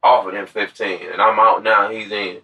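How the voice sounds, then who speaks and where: A young man in his twenties spins a lively story in a bright, forceful voice. He acts out the voices of the people in it. He sits a way off from the microphone. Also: on the low side, normal speed. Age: 20s. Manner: animated storyteller who acts out quoted voices. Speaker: former inmate telling his story. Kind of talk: casual chat. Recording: distant from the mic.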